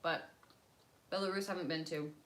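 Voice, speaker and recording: With a lowish, steady voice that's a bit bright, a young American woman talks briskly to her live viewers in casual chat. She rambles with lots of fillers and drifts between subjects and languages.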